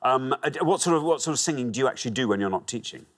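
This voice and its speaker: Lively man hosting a quiz. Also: mid-range voice, rapid-fire. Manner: lively, chatty and jovial with contestants. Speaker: quiz show host. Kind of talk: game show hosting. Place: TV studio.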